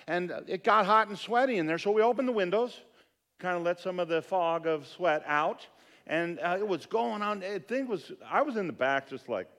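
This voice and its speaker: Middle-aged male pastor, slightly higher voice, animated storyteller who acts out quotes and murmurs asides. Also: moderate pace. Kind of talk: sermon with storytelling.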